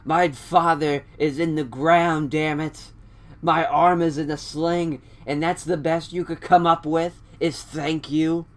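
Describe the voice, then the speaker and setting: A man voicing a furious, injured female wrestling executive who shouts angry accusations. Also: on the high side, level tone, takes it slowly, voice pushed up.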